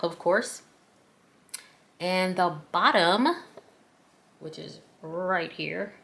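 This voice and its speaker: A woman's voice: mid-range voice, pushed and bright. A woman with a Southern US accent, chatting casually while walking viewers through a sewing tutorial in a folksy, self-deprecating way. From American South. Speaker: craft tutorial host.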